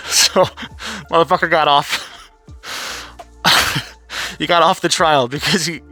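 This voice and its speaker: Dude ranting on his vlog, swears a lot, bright voice, bit of music behind. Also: fairly high pitch, steady tone, takes it slowly. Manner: profane, rambling, laughs often, mimics people. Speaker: vlogger. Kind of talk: casual rant recap.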